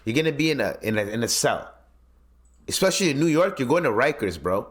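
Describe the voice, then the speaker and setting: A man's voice: mid-range voice, fast talker. A man hosting a podcast, ranting in casual commentary, incredulous and swearing often. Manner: animated, swearing, incredulous rants. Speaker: podcast host.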